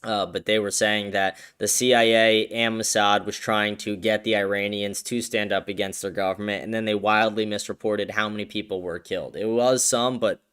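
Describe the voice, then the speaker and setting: A man hosting a political commentary show, reacting to a clip in a mocking, profane way, laughing often and shouting when he gets worked up. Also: on the low side, fairly even intonation, moderate pace, hardly any pauses, smooth.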